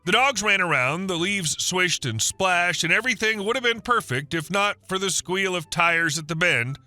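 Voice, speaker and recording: Bright-voiced male story narrator. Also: sits high, lively intonation, moderate pace, dry recording, faint music behind.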